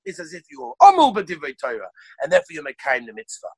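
A man teaching a Torah class over a video call, reeling off sources one after another in an animated way. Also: fairly high pitch, gravelly, breathy edge, no echo, poor audio. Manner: rapid-fire listing of sources, animated. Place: lives in Israel.

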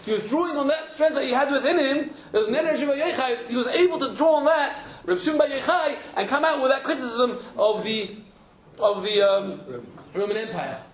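A man's voice: very high voice, a little fast. A man teaching a Talmud class who explains emphatically and repeats words while he searches for the phrasing. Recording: roomy echo.

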